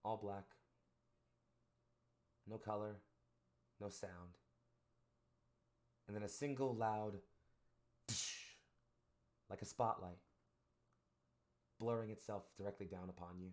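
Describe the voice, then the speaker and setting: Game master, deep voice, animated scene-setting narrator for a tabletop game. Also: male voice, a little slow, long pauses. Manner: descriptive, animated narration with fillers.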